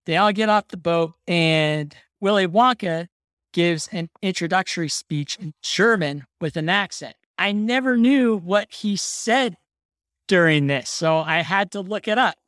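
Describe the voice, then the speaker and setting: A woman co-hosting a casual podcast chat, excitable, laughing often and saying "like" a lot. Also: lowish voice, unhurried, no echo, studio quality. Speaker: podcast co-host. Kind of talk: casual chat about a film.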